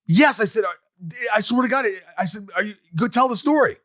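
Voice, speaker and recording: A man hosting a podcast in a casual chat, excitable, jumping in and swearing freely. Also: high voice, brisk, no room sound, studio quality. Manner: excitable, jumps in and interrupts, swears. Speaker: podcast host.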